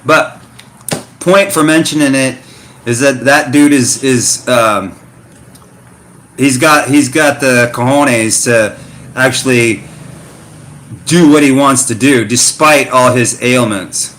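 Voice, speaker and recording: A middle-aged American man tells a story for his vlog in a loose, slangy, animated way, full of fillers. His voice is medium in pitch and he speaks slowly, leaving long pauses, in a casual, rambling style.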